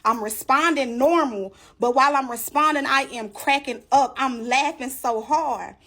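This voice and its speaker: Woman storyteller, fairly high voice, emphatic and animated, addresses the audience directly. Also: moderate pace. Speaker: storyteller giving a testimony. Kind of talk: casual storytelling to viewers.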